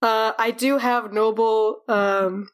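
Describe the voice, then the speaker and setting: Woman voicing a young nobleman, posh, pompous, overly polite, highish voice. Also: steady tone, takes it slowly, clear, resonant tone. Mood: courtly. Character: pompous young male noble with a fancy accent.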